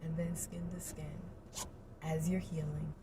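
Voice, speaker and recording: Birth coach lady pepping you up, kinda low voice, mic far off, car rumbling loud behind her. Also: little pitch movement, unhurried. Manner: warm, encouraging, playful; acts out inner voices. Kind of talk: motivational vlog talk. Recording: distant mic with loud road noise.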